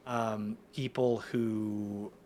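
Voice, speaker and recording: A man in his forties, a podcast guest, telling stories in casual chat in an excited, rambling way with many restarts. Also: lowish voice, drawn-out words.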